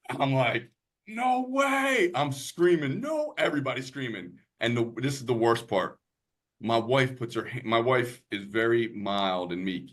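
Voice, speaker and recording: A man's voice: lowish voice, a bit bright. A middle-aged man, a podcast guest, telling a story in an intense, emphatic way. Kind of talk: casual storytelling chat.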